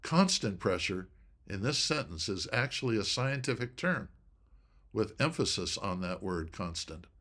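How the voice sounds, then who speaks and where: A man giving an inspirational teaching talk on studying scripture, speaking deliberately and stressing key words. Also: lowish voice, fairly bright tone. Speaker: presenter of a Bible study talk.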